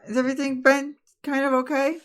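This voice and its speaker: A man's voice: extremely high pitch, little pitch movement, fairly bright tone, voice pushed up. A man voicing a shy, eager young man who stammers and halts as he introduces his friends in a tabletop game. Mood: bashful. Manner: stammering, halting and bashful.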